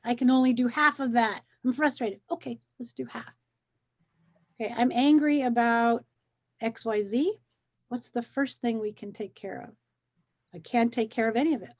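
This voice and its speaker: A woman coaches in a gentle, encouraging way, often circling back and repeating her phrases. Her voice sits a little high. She talks like a host in a relaxed wellness conversation.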